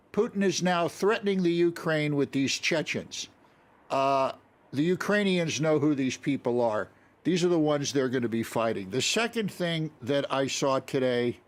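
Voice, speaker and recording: A man speaking as a guest analyst on a live news program, blunt and emphatic. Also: on the high side.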